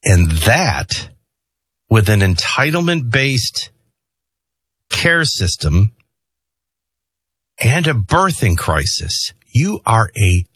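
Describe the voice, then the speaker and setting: Husky middle-aged man ranting. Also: lowish voice, drawn-out words, pauses often, no room sound. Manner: animated, rambling, swings between stories and rants. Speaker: host. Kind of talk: opinion monologue with storytelling.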